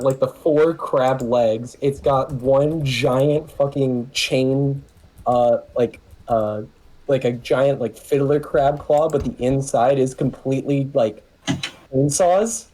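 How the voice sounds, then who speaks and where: A man playing a tabletop game, chatting casually in a halting, rambling way and swearing freely. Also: medium pitch, warm tone, rough recording. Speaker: player.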